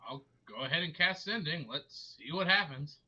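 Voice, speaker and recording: A man's voice: on the high side, animated, normal speed, sharp tone, husky, lo-fi sound. A man playing in a tabletop game, chatting casually and easygoing. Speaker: player.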